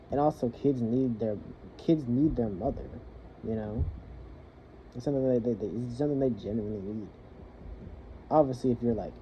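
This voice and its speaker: A young man in the military venting about his partner and family in a rambling, halting monologue, swearing freely. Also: medium pitch. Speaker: soldier venting. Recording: muffled lo-fi with faint hiss.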